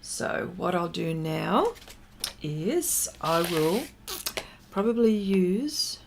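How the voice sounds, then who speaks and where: A woman's voice: on the low side, big pitch swings, drawn-out words, vocal fry, a little hiss or hum. A woman artist chatting casually with viewers during a livestream pastel demonstration, greeting them and laughing often.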